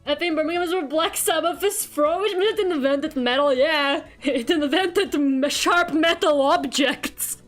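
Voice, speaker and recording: A young woman chats with her stream in a high, unhurried voice, giggling and cursing casually. Her throat is a bit sore from a cold, and soft music plays faintly behind her. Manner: chatty, giggly, swears casually. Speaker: VTuber streamer. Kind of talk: casual live-stream chat while drawing.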